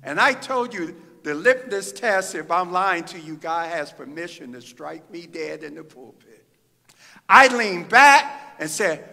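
A middle-aged man from the Midwest, a pastor delivering a fervent sermon with drawn-out phrases and pauses in a church sanctuary. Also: high-pitched, expressive, gravelly, pushed and bright. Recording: reverberant church hall.

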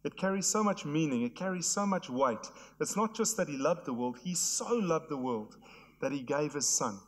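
A hoarse man, preaching an earnest sermon to his church. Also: a little high, lively intonation, normal speed. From South Africa. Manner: earnest, repetitive emphatic phrasing. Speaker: pastor. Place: church hall. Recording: long hall reverb.

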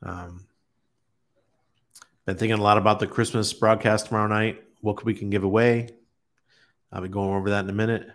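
A man's voice: on the low side, normal speed, pauses often. A man hosting a casual livestream, chatting easily with viewers and chuckling often as he reads their comments. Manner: relaxed, chuckles often, greets chat viewers by name. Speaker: crypto livestream host. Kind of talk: casual live-stream chat reading viewer comments.

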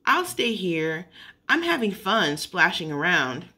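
A woman voicing an excitable, stubborn eight-year-old girl who pleads in a high, whiny voice. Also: slow, full character voice. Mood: sweet.

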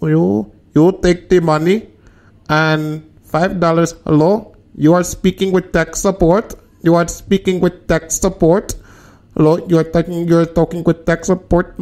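A man's voice: on the high side, darkish tone, pitched above the performer's own voice, lightly acted. A man voicing a polite, flustered male tech support agent with a put-on Indian accent, repeating formal phrases. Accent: put-on Indian English.

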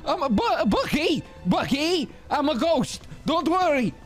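A man's voice: very high-pitched, sing-song, measured pace, heavily acted. A man playing a bumbling fake-dead goof. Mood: flustered. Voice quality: bumbling, stammering, playful. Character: goofy male fugitive faking his own death. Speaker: streamer playing a role-play character. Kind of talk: game role-play. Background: music.

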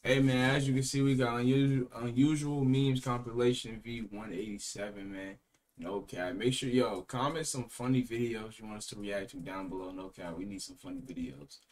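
A young man co-hosting a reaction show, talking in slang and looping the same catchphrases over and over. His voice sits at an everyday middle pitch. It is loose, hyped-up casual chat. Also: moderate pace. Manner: slangy, keeps repeating catchphrases. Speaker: co-host of a reaction channel.

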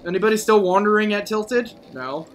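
A male gaming host giving live gameplay commentary, excitable, whooping and playfully taunting opponents. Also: high voice, fairly quick, slight background noise.

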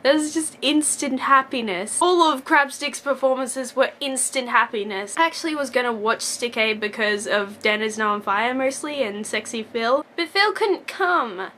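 A young woman with a high, light voice chatters into her camera at home. She rambles and gushes, then laughs at herself, in a casual fan vlog. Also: normal speed, hardly any pauses, slight background noise. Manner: rambling and excitable, jumps between gushing and self-mocking. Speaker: vlogger.

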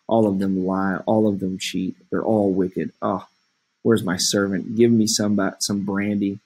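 A man's voice: lowish voice, flat delivery, a little slow, a little mellow, breathy edge, rough recording. A man reading a blunt, bitter old nurse. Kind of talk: reading a play aloud.

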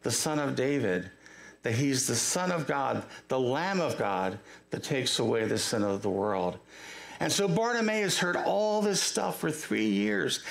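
Male pastor, storytelling sermon, raspy-gravelly, roomy church live stream. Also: medium pitch. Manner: storytelling, acts out the cries, jokes with the congregation. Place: church sanctuary.

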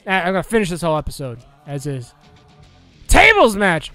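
A young man giving casual, excitable let's play commentary, joking crudely and shouting at the game. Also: high voice, a little fast, dry recording, soft background music. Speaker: gameplay commentator.

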